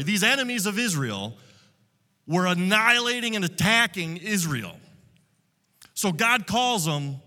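Animated, bright-voiced pastor preaching. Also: male voice, high voice, big-room sound. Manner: animated storytelling, acting out quotes. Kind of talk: sermon. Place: church hall with multiple locations.

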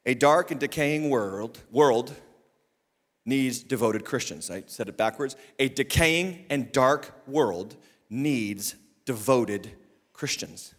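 A man preaching a sermon as lead pastor, swinging from loud declarations to quiet asides, with bits of humor. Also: mid-range voice, expressive, slow pace. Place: church sanctuary. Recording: long reverb of a large hall.

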